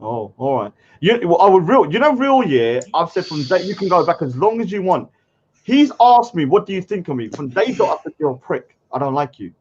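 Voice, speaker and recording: A man's voice: sing-song, fairly quick, darkish tone, lo-fi sound, a little hiss or hum. A man arguing on a stream, mocking his opponent and laughing it off. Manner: mocking, mimics others in high whiny voices, laughs a lot. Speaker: streamer in a heated debate. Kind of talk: heated streamed argument.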